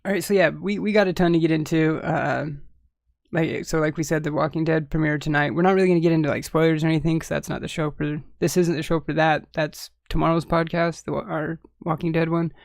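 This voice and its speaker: Male podcast host, gravelly and flat, rambling casual delivery. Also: on the high side, brisk, dry recording, clean studio sound. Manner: easygoing, rambling with many restarts and fillers. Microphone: headphones and desk mic.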